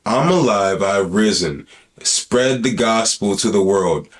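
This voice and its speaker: A man's voice: fairly low pitch, takes it slowly. A man putting on a casual, slangy voice for a laid-back resurrected figure while retelling a story on a podcast. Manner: street slang, casual swagger.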